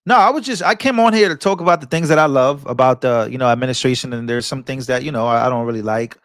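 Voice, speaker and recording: A man's voice: mid-range voice, quick pace, a bit bright, dry recording, clean studio sound. A man hosting a political commentary vlog, talking in an impassioned, casual way, restarting and repeating words and breaking into sermon-like rebukes. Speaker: political commentator and channel host.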